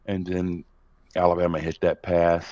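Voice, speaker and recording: A man co-hosting a sports podcast in casual chat, telling animated stories with chuckles. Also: low voice, normal speed, slight background noise. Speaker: podcast co-host. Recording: slightly dull, muffled sound.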